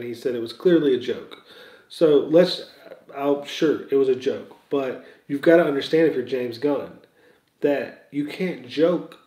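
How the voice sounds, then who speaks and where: A man's voice: medium pitch, warm tone. A man giving casual, opinionated commentary as a fan-news host, rambling and hesitant as he works through his points. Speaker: Star Wars news commentator. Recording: roomy echo.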